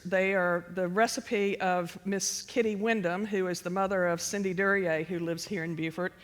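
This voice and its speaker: A woman's voice: lowish voice, fairly even intonation, normal speed, few pauses. A woman, hosting and telling chatty family stories about recipes. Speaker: host sharing family recipes. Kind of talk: folksy storytelling. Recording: long reverb, faint music.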